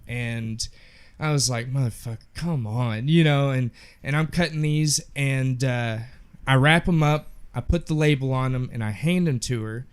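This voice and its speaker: A young man telling a casual story on a podcast, animated and swearing freely, acting out the people in it. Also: medium pitch, normal speed, clean tone. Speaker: podcast co-host.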